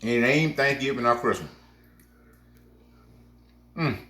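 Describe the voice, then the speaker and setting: A man's voice: medium pitch, lively intonation, measured pace, pushed and bright. A man hosting a home baking channel, chatting casually and exclaiming over his cake while calling viewers baby and sweetheart. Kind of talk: casual cooking vlog chat. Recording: echoey room, faint music behind.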